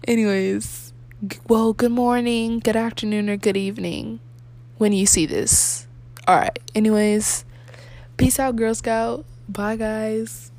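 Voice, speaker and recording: A woman's voice: a little high, measured pace, a little mellow. Rambling woman podcast host. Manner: rambling and repetitive, with many fillers and restarts. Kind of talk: casual solo podcast talk. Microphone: no proper microphone yet, a basic built-in mic.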